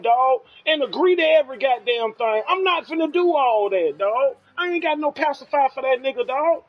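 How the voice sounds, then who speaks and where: A man with a Southern US accent, trash-talking on a live game stream in a loud, profane, heated rant. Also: extremely high pitch, lively intonation, moderate pace, hardly any pauses, muffled recording. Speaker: streamer playing a football video game.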